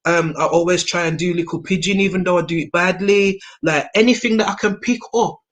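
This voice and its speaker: A woman from England, a guest in a casual conversation, talking in an animated, slangy way with lots of fillers. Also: lowish voice, fairly quick. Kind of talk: casual video chat.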